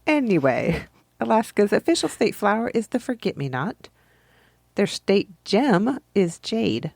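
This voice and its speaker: A woman's voice: medium pitch, very animated, a little slow, gravelly, darkish tone, no echo, clean studio sound. A woman co-hosting a podcast, rambling through fun facts in a chatty, giggly way. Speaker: podcast co-host. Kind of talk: casual chat.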